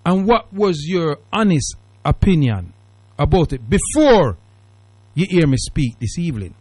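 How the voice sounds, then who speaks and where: A man hosting a call-in radio show, his British accent shot through with Jamaican Patois. He talks in an emphatic, preachy way, his fairly high voice swinging widely up and down. The studio sound is dry and close. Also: sing-song, a little slow, a little mellow, no echo. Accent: Jamaican Patois-tinged British English. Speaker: radio talk show host. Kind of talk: casual call-in radio talk.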